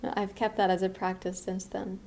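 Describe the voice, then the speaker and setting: A middle-aged woman from the US East Coast, giving a reflective dharma talk as a meditation teacher, unhurried with lively asides. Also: medium pitch.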